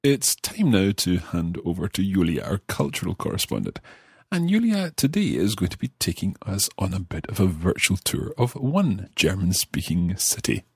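Low, lively-voiced man hosting a lesson. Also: normal speed, husky, no echo, studio quality. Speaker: language course host. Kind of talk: language lesson podcast.

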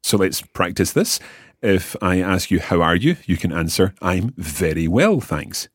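A man hosting a language lesson, patiently explaining and modelling words slowly for the listener to repeat. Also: deep voice, expressive, breathy edge, no echo, studio quality. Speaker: language teacher and host.

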